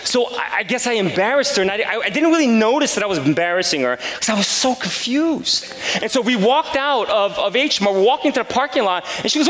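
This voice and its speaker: A fairly high-voiced male pastor preaching loudly and with animation, acting out both sides of a story. His voice rings through a hall with a long reverb tail. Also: brisk. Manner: animated storyteller, acts out dialogue, loud voice. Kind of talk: sermon with personal story.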